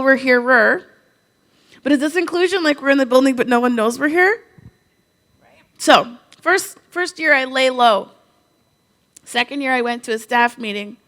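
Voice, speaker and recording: A woman from Canada giving a conference keynote, telling humorous, animated stories full of quoted asides. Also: sits high. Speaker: keynote speaker.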